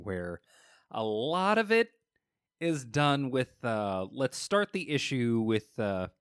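A man co-hosting a relaxed comic book podcast talks slowly and hesitantly, with lots of fillers. His pitch swings widely as he talks. The recording is dry and close. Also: clear, resonant tone, no room sound. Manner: hesitant, with many uhs and laughs. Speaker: podcast co-host. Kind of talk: casual comic book chat.

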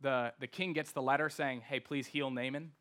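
A man preaching a sermon as pastor, emphatic, slowing down to stress key words. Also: mid-range voice, fairly even intonation, a bit bright.

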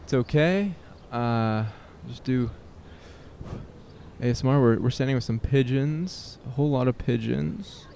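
A man's voice: mid-range voice, a little slow, vocal fry, mellow, slight background noise. Hesitant young man rambling outdoors. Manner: hesitant and self-conscious, with nervous laughs and many fillers. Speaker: vlogger. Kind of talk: rambling solo vlog. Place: outdoors in a city park.

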